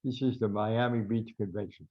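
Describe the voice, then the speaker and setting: An older man with a gravelly, husky voice tells ringside stories with energy. He acts out the voices of the people he quotes. The audio is dull and lo-fi. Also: on the low side, normal speed. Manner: animated storyteller, acts out quotes loudly. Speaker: guest boxing writer. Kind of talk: storytelling interview.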